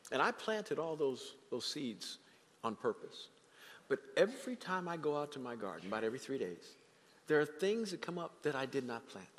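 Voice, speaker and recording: A man preaching a sermon as pastor, animated and dramatically acting out the voices he quotes. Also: mid-range voice, in a large hall. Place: church sanctuary.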